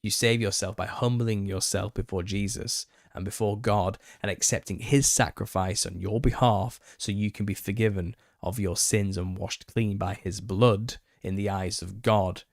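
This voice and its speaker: A man hosting a live Q&A stream, opinionated and quick to get worked up, laughing as he rants. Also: lowish voice, fairly even intonation, no echo, studio quality. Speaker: channel host. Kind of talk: live Q&A monologue.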